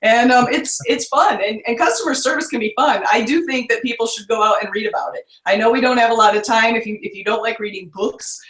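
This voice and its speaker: A woman's voice: a little high, quick pace, few pauses, fairly bright tone. A woman guest in a casual interview, chatty and bubbly, laughing easily, on a video call. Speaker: guest business owner. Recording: roomy echo.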